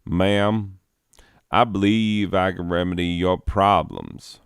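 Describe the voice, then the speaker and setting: A comedian voicing a tall, smooth-talking southern stranger in a thick put-on drawl. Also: male voice, sits low, fairly even intonation, slow pace, dry recording, clean studio sound, full character voice.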